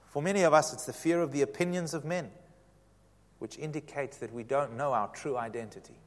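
Male pastor, higher register, lively sermon storytelling, recorded with long reverb in a church sanctuary. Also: a little fast. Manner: animated storytelling with dramatic quoted voices.

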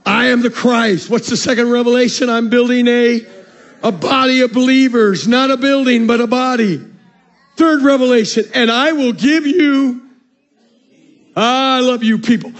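A male pastor preaching a sermon, calling out to the congregation and swinging from shouted peaks to soft, low passages. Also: muffled recording. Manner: calls out to the congregation.

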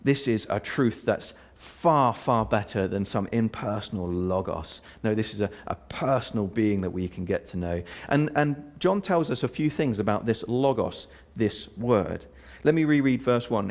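A pastor preaching and explaining a scripture passage in an earnest way, with frequent fillers and restarts. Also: male voice, mid-range voice, normal speed, gravelly, a little mellow. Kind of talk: sermon.

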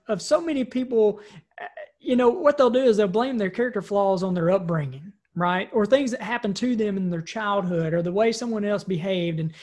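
A woman's voice: medium pitch, darkish tone. A woman giving a recorded training talk in a casual, conversational way, often adding "right?" and restarting her words. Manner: conversational, frequent "right?" tag questions; repeats and restarts words while thinking. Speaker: personal development trainer.

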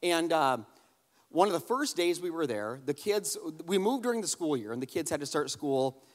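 A man preaching a sermon, telling a humorous family story in an animated, conversational way and addressing the crowd directly. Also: a little high, normal speed, long reverb tail. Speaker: pastor.

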